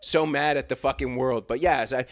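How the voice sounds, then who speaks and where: A man chats as a podcast guest, spinning crude, swear-filled stories that wander and circle back. His voice sits at an ordinary middle pitch, and the sound is close and dry with no room around it. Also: steady tone, moderate pace, dry recording. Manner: crude, profane, rambling storytelling. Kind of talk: casual podcast chat.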